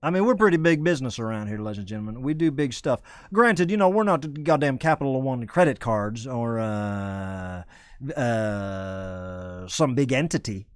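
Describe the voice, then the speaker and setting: A man's voice: mid-range voice, lively intonation, normal speed, clean tone, dry recording, clean studio sound. A man hosting a comedy web show, rambling and self-correcting while hyping merchandise like a salesman. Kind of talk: rambling comedic live-stream chat.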